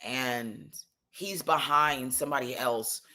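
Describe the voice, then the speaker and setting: A woman telling a comic story in an animated, exasperated way, swearing freely. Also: very deep voice, slow, heavy background noise.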